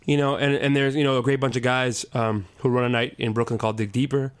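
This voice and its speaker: A man's voice: mid-range voice, level tone, fast, clear, resonant tone. A man, a soul singer, chatting casually in an interview, rambling with lots of restarts and fillers. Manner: rambling, many restarts and "you know". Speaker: soul singer and guitarist, guest.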